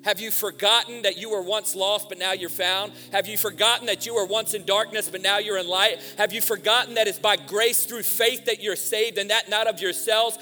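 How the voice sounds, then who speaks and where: A man preaching a sermon in a church, impassioned, swinging from hushed appeals to shouted fervor. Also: sits high, fairly even intonation, moderate pace, hardly any pauses. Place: church hall. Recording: music, long hall reverb.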